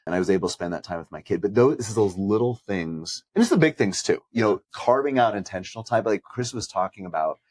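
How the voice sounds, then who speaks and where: A man's voice: fairly low pitch, animated, fast, few pauses, darkish tone. A man co-hosting a podcast who also preaches, telling personal stories in an earnest, reflective way. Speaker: podcast co-host and pastor. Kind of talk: conversational podcast chat.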